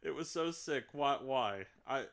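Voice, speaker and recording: A man co-hosts a casual podcast, rambling through wrestling recaps with plenty of fillers and acted-out quotes. His medium-pitched voice is expressive, creaky, and a bit bright, and he keeps a measured pace.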